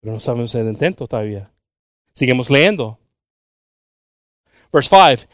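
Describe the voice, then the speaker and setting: Lively bilingual preacher man. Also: medium pitch, brisk, no echo. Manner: animated, switching between Spanish and English with joking asides. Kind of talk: bilingual sermon.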